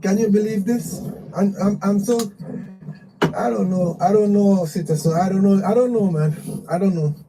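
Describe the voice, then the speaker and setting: A man's voice: sits high, moderate pace, far from the mic, a crowd in the background, rough recording. A man calling into a live show, speaking emotionally and rambling, repeating himself often. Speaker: caller. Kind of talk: emotional call-in remarks.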